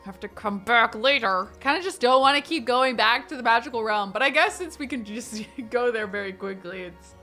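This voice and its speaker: A woman giving excitable, chatty let's-play commentary as she plays a life-simulation game, squealing over wins. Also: fairly high pitch, normal speed, few pauses, faint music behind. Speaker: gaming video creator.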